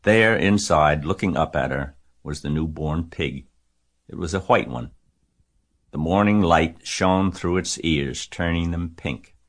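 A deep-voiced man reads a children's book aloud. His narration is measured and gentle, with an unhurried storytelling pace. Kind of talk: audiobook reading of a children's novel.

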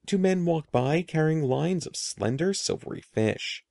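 A man reading a children's story aloud in an expressive, animated way. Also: fairly high pitch, unhurried, vocal fry, dry recording. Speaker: narrator.

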